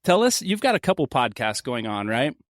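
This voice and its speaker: A man's voice: medium pitch, very animated, brisk, dry recording, clean studio sound. A man from Cincinnati, chatting casually on a podcast and laughing along. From Cincinnati, USA. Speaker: podcast guest.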